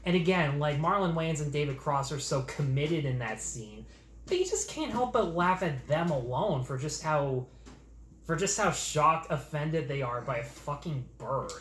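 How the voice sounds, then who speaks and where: A man's voice: fairly high pitch, expressive, normal speed, fairly bright tone. A man co-hosting a show, chatting casually and rambling through opinionated points. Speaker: podcast co-host. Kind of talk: casual film chat. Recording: roomy echo, faint noise.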